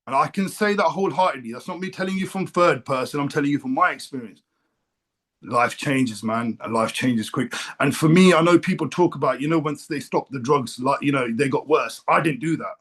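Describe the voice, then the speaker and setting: A man's voice: fairly high pitch, fairly quick, a bit bright, husky. A middle-aged man from England giving a blunt, emotional personal share at a recovery meeting, swearing freely. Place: meeting room.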